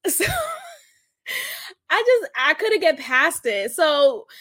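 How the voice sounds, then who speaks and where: A woman hosting a podcast, telling a story in a blunt, profane, animated way with big swooping exclamations. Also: a little high, dry recording, studio quality. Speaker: podcast host. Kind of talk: casual storytelling monologue.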